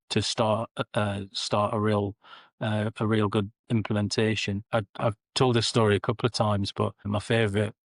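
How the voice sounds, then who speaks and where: A man's voice: lowish voice, dry recording. A middle-aged man with a Geordie accent, a guest in a casual interview, telling amused anecdotes about his work. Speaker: guest, sales and customer success director.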